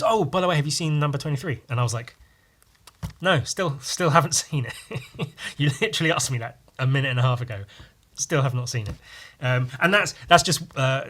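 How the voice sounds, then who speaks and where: A man's voice: mid-range voice, a bit bright. A man hosting a podcast, chatting casually and swearing freely while he draws. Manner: chatty, swears casually, laughs at own stories. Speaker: podcast host drawing on stream. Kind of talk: casual rambling chat while drawing.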